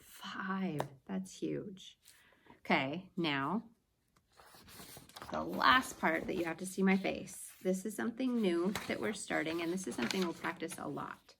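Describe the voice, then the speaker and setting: A woman teacher, her voice on the low side and a bit bright, gives young children a phonics lesson in early reading. She sounds out words slowly, clearly and patiently, with slight background noise.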